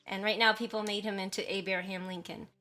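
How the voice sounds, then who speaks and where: A woman's voice: mid-range voice, little pitch movement, fairly quick, sharp tone. A woman streamer chatting casually with viewers, rambling with lots of fillers, giggles and apologies. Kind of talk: casual livestream chat with viewers.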